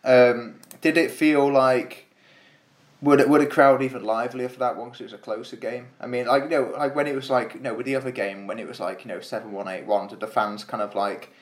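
A man's voice: mid-range voice, fairly even intonation, fairly quick. A man hosting a podcast, interviewing a guest with long, winding questions. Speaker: podcast host. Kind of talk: podcast conversation.

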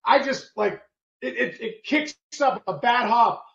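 Middle-aged man, high voice, animated storyteller, casual chat, dull lo-fi sound. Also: a little slow, creaky. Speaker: podcast host, former baseball player.

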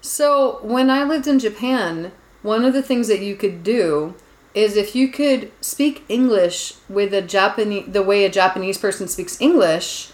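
A woman's voice: mid-range voice, a little slow. Rambling woman podcast host, roomy sound. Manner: rambling, chatty storyteller with frequent "like"s. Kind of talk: casual podcast chat. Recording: roomy echo.

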